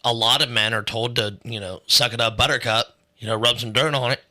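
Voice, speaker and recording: A man's voice: medium pitch, fairly even intonation, a little fast, pushed and bright. A man co-hosting a casual podcast, telling stories in a rambling way with lots of fillers and swearing. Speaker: podcast co-host.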